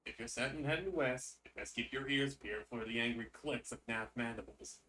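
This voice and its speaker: A man voicing a blunt, gruff rustic hunter chief who talks in a folksy, colloquial way. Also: mid-range voice, brisk, sharp tone, slight background noise, close to an everyday voice.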